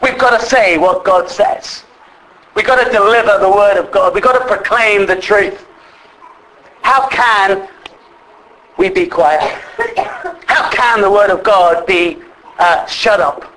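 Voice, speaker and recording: A man preaching a sermon with passion, addressing the congregation as brethren and rising to shouts. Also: sits high, slow, pauses often, slight background noise, poor audio. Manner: impassioned, rises to shouts.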